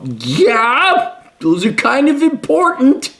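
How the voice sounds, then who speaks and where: A man's voice: very high-pitched, sing-song, measured pace, a bit bright. A middle-aged man giving a sarcastic, mocking commentary rant while reading and reacting to an article. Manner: sarcastic, mocking, with mimicking asides. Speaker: commentary host. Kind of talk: ranting commentary.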